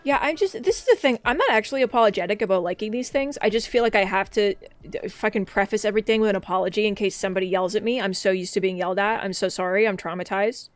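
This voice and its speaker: A woman streamer chatting casually and excitably, often swearing and breaking into laughter. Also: mid-range voice, fast, no echo. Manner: excitable, swears a lot, frequent laughing outbursts. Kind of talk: casual live-stream chat. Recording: faint background music.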